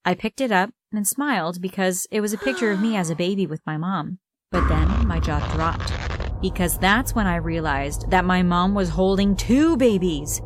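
A woman's voice: lowish voice, normal speed. A woman narrating a first-person story in a dramatic, emotive storytelling manner. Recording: clear background noise.

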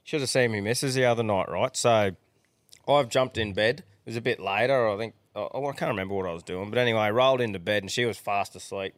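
A man's voice: fairly low pitch, quick pace, dry recording, clean studio sound. A man co-hosting a chat podcast, telling laid-back, sweary stories. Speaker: podcast co-host. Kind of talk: casual chat.

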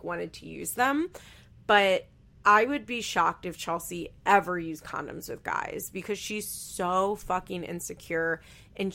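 A woman's voice: lowish voice, gravelly, bright, forceful tone. A woman host giving casual, blunt commentary on a reality show, chatty and swearing freely.

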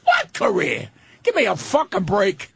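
An older man, a comedian telling blunt, profane stories in a casual interview, with a husky voice. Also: high voice, huge pitch swings, a little slow, a bit bright, no echo. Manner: profane, blunt, ranting storyteller. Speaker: guest comedian.

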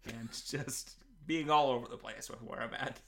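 A man's voice: mid-range voice, steady tone, normal speed, creaky. A man co-hosting a podcast in casual banter, making wry, dry jokes and laughing often. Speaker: podcast co-host.

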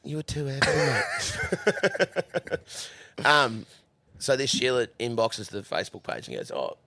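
A man's voice: medium pitch, wildly swooping pitch, slow pace, bright, forceful tone. An Australian man telling crude, swear-filled stories in casual podcast chat and laughing his way through them. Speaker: horse trainer guest. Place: studio.

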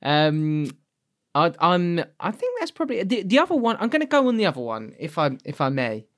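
A man co-hosting a casual podcast chat, animated and laughing often, his voice leaping up when he is outraged. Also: a little high, a little fast. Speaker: podcast co-host.

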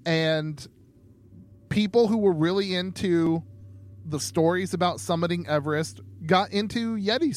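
A young man co-hosts a podcast in a loose, casual chat. His voice sits a little high, and he meanders through his points with plenty of ums and offhand jokes. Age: young adult. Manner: rambling, many ums, laid-back joking. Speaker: podcast co-host.

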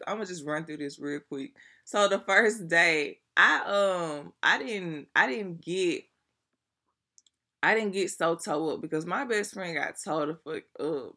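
A young adult woman talks straight to her audience in a loose vlog style. Her voice is bright and forward. She tells her stories animatedly, with plenty of slang and swearing. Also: fairly low pitch. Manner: animated, profane, chatty slang-filled storytelling. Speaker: vlogger. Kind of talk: casual storytelling to viewers.

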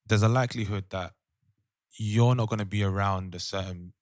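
A man co-hosts a casual podcast chat, thinking aloud and sometimes hesitant. His fairly low voice is steady at a moderate pace, captured in a dry recording with clean studio sound.

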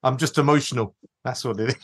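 A man's voice: mid-range voice, fast talker, fairly bright tone, husky. Man with a fading voice, co-hosting. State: losing his voice. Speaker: podcast co-host. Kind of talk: casual podcast chat.

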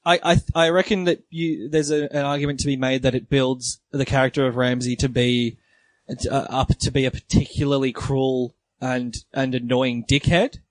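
A man's voice: medium pitch, flat delivery, moderate pace, no room sound. Aussie guy podcasting, lots of ums and restarts, dead dry sound. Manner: hesitant, many fillers and restarts. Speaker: podcast co-host. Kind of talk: casual podcast chat.

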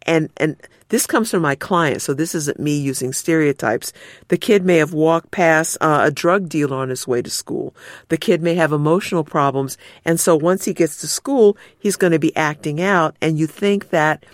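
Woman attorney as guest, animated storyteller, dry close sound. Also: moderate pace, no echo. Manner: expressive storyteller, acts out quotes with big pitch jumps. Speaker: civil rights lawyer, interview guest. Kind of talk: candid conversational interview.

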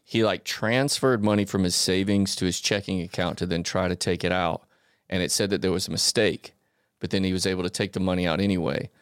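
Smooth, low-voiced man telling a story. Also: fairly even intonation, brisk, dry recording, clean studio sound. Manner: storytelling, acting out quotes. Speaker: podcast co-host. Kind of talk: casual chat.

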